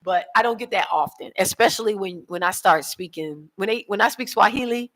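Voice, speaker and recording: A woman's voice: mid-range voice, fairly bright tone. American woman, casual vlog chat to camera, slangy and talkative. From United States. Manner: chatty, slangy storytelling, addresses viewers as y'all. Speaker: vlogger.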